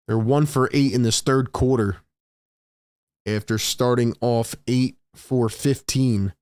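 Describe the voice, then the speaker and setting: A man's voice: medium pitch, steady tone, darkish tone, clear, resonant tone, dry recording. A young man hosting a live stream, calling the action play by play and reading the chat aloud between plays. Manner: reads chat aloud, rapid play calls, rises on big plays. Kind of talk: casual live play-by-play commentary.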